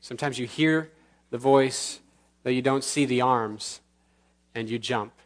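Earnest man preaching a sermon. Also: mid-range voice. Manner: earnest preaching with slow emphatic pauses, closing in prayer. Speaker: pastor. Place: church sanctuary.

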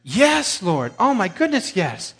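A man's voice: sits high, huge pitch swings, slow pace, gravelly, a bit bright, breathy edge, pitched above the performer's own voice, heavily acted. A male preacher acting out an overjoyed worshiper who pours out effusive praise in breathless, rising exclamations. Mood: ecstatic.

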